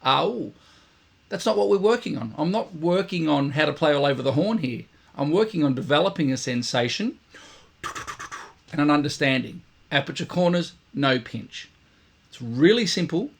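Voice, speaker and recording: This trumpet teacher has a fairly high, creaky voice and speaks at a moderate pace in an animated way. His casual video lesson is repetitive and demonstrative, with buzzing sounds voiced to illustrate.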